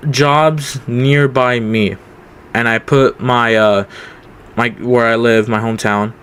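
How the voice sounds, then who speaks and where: Smooth-voiced young man telling a story. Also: medium pitch. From California. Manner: rambling, many fillers and restarts. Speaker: vlogger. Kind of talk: casual storytime.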